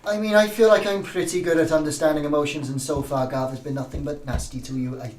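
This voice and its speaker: A man's voice: a little high, steady tone, fast talker. A man playing in a casual tabletop game, chatty and joking as he describes his moves. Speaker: player. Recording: echoey room with chatter around.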